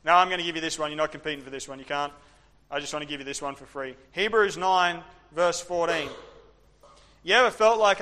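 A man with a high voice preaches in a church hall, and his words ring out with a long reverb. He moves between playful banter with his listeners and quiet, earnest passages. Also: fairly even intonation, a little fast. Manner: playful, drops to soft earnest tones. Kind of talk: informal sermon with a youth group.

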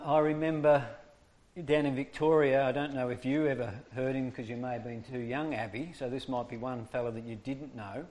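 Man, informal teaching talk, demonstrative, slightly higher than usual voice. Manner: demonstrative, swings his voice high and low to make points. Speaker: speaker teaching discipline. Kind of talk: informal talk to a small group.

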